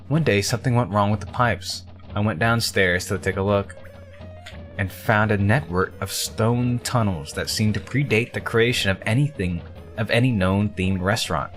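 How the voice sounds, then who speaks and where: A man's voice: normal speed, faint music behind. A man streaming a game, reading its narration and dialogue aloud and chatting between lines. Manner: reads narration and dialogue, jumps up in pitch for characters.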